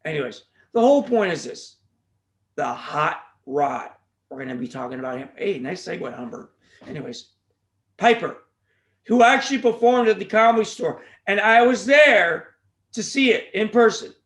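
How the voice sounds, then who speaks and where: Brief: male podcast host, high voice, loose rambling monologue full of jokes and tangents. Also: very animated, moderate pace, a bit bright. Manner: jokey, goes off on tangents, plugs the show.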